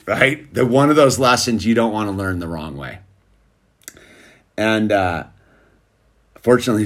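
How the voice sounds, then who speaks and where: A man's voice: fairly low pitch, a bit bright. A man casually telling a story about his son to camera, rambling and peppering it with "dude" and "like". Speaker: father telling a family story.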